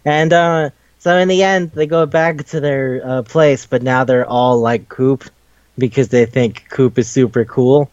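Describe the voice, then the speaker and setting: Animated man recapping a cartoon. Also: mid-range voice, unhurried, dry recording, highs cut off. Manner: animated retelling, acts out characters' lines, laughs and swears. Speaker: podcast host. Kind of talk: casual recap chat.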